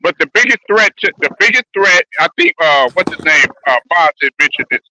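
Loud argumentative man, bright high voice. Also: lively intonation, brisk, no room sound, rough recording. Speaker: podcast co-host. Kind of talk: heated sports debate.

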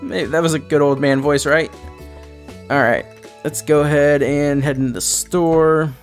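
Young male let's-play host, rambling and casual, higher voice. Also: steady tone, unhurried, soft background music. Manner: rambling, chatty, self-correcting. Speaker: gaming host.

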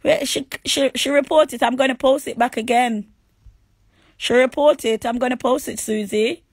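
A woman with a Jamaican accent ranting on a phone livestream, crude and taunting, repeating insults and sometimes shouting. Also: high voice, fairly even intonation, moderate pace, no echo. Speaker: livestream host. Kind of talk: angry livestream rant.

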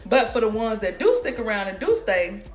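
A woman's voice: medium pitch, big pitch swings, fairly quick, faint music behind. A woman from North Carolina chatting casually with her viewers in a vlog, laid-back and full of slang. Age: adult mother. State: out of breath and tired. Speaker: vlogger.

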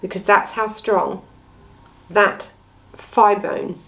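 A woman's voice: mid-range voice, unhurried, long pauses, rough recording. A woman giving blunt, indignant true-crime commentary, full of rhetorical questions. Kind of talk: impassioned commentary on a case.

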